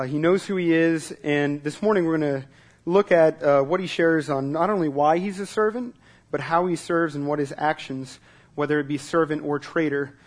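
A man preaching a sermon in a relaxed, conversational way at a church service, repeating words as he starts sentences and asking the congregation questions. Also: on the high side. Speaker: pastor.

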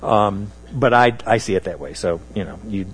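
A man preaching a sermon on scripture, talking in a halting way with many fillers and restarts. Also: fairly low pitch.

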